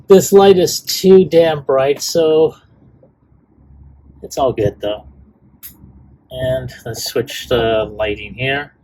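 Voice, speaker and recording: Slow, rambling man reviewing toys. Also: on the high side, a little mellow, slight background noise. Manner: rambling, many fillers and restarts. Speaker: toy reviewer. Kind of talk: casual unboxing review.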